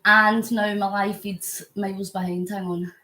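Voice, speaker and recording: A woman's voice: mid-range voice, level tone, a little slow, sharp tone, echoey room. Chatty Scottish woman cycling on a live stream. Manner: chatty, reads out viewer comments, breathless from pedalling. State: sweating, mid-exercise. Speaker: vlogger live-streaming a charity cycle. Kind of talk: casual live-stream chat. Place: indoors at home on an exercise bike. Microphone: phone.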